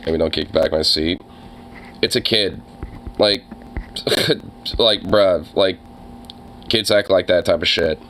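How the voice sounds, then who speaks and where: A man's voice: deep voice, takes it slowly, long pauses, a bit bright, slight background noise. A young man ranting casually, with lots of fillers and swearing, sounding exasperated. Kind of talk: casual profane rant.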